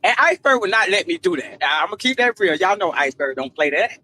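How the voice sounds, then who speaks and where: A man's voice: sits high, very animated, fast, bright, forceful tone, breathy edge, no room sound, low-quality recording. A man guest, chatting eagerly and stumbling over his words. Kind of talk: casual chat.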